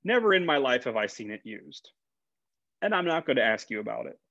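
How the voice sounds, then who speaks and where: A man's voice: medium pitch, big pitch swings, a little fast, bright, forceful tone, no room sound. A man, a college instructor, giving a conversational classroom lecture with fillers and repeated words. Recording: dull, dry lecture recording.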